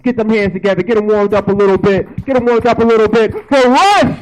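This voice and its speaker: A man emceeing on a dive bar stage, loudly hyping up the crowd for the next comic. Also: high voice, quick pace, rough recording. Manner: loud, hype-man delivery.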